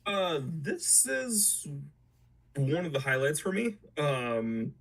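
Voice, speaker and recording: A man reviewing horror movies in a hesitant, halting casual chat, full of fillers. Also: a little high, very animated, creaky, fairly bright tone, low-quality recording. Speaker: podcast co-host.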